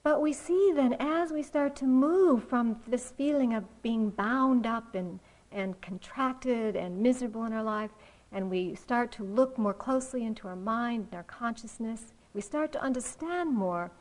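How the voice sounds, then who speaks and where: A woman's voice: on the high side, low-quality recording. Reflective woman giving a meditation talk. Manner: slow, reflective, with soft pauses. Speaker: meditation teacher. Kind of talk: dharma talk.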